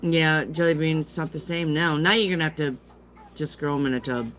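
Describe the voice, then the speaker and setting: Low-voiced older woman chatting casually. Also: steady tone, brisk, a bit bright. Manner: chatty and affectionate, greets viewers by name. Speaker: tarot livestream host. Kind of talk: casual livestream chat.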